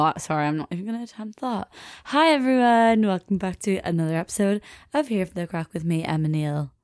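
A young woman talks through her solo podcast in a loose, rambling way, with a swear here and there. Her voice sits fairly low for a woman. The recording is close and dry. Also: a little mellow, no room sound. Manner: chatty, rambling, swears and laughs easily, mimics accents. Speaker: podcast host. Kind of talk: casual solo podcast chat.

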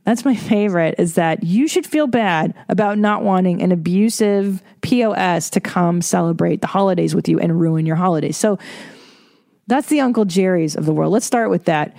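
A woman's voice: on the low side, normal speed, vocal fry, darkish tone, dry recording, clean studio sound. A woman hosting her own podcast, ranting casually in a blunt, profane way. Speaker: podcast host. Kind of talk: solo podcast rant. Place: home recording studio.

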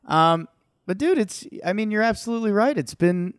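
A man's voice: sits high, expressive, moderate pace, clean tone, dry recording, clean studio sound. A man co-hosting a casual sports podcast, easygoing and upbeat, often restarting his sentences. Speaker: podcast co-host.

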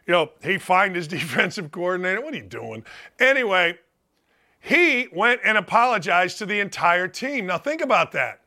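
High-voiced guy ranting on his sports talk show, super animated, loud. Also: normal speed. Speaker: sports talk radio host. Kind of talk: opinionated sports talk monologue.

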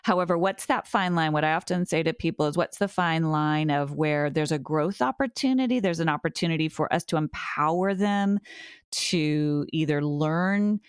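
A woman's voice: deep voice, normal speed, smooth, no echo, studio quality. A middle-aged woman therapist speaking as a podcast guest, thoughtful, with frequent restarts and fillers. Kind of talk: conversational podcast interview.

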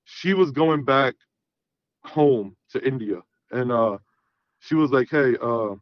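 A man's voice: medium pitch, measured pace, no echo, dull audio. A man in his thirties calling in to a talk show, telling a profane story casually and acting out the dialogue. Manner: animated, profane, acts out quoted dialogue. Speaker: caller.

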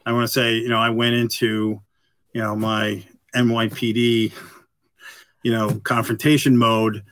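A man's voice: medium pitch, a bit bright, no echo. Middle-aged man telling a rambling story. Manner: rambling and halting, full of "you know" fillers. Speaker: guest, retired police detective. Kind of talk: storytelling in a conversational interview.

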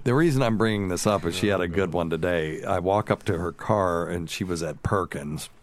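A man hosting a radio show, telling funny family stories and breaking into shrill impressions of his mother-in-law. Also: fairly quick. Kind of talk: casual storytelling chat.

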